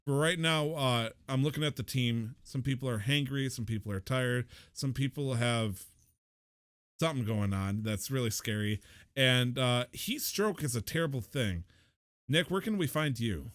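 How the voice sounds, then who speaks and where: A man's voice: mid-range voice, normal speed, a bit bright, no room sound, studio quality. Joking, rambling male podcast co-host. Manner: jokey, rambling, swears casually. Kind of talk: casual podcast chat.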